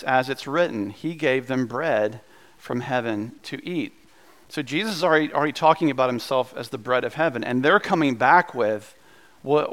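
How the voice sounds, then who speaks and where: A man preaching a sermon as pastor, mixing playful jokes with earnest teaching, with frequent asides and quick restarts. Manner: humorous, animated preaching with jokes about bread; quick asides and restarts, voice jumping higher when excited.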